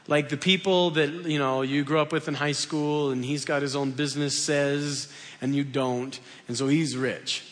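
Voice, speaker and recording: High-voiced pastor in a reverberant hall. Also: male voice, steady tone, moderate pace. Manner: conversational, self-deprecating, acts out dialogues. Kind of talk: sermon.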